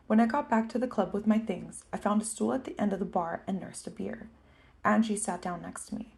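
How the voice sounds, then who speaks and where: A woman narrates a novel as a homemade audiobook. Her voice is mellow and dark in tone, and it drops low and quiet for narration, then grows louder and sharper for the characters' lines. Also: moderate pace, creaky. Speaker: audiobook reader.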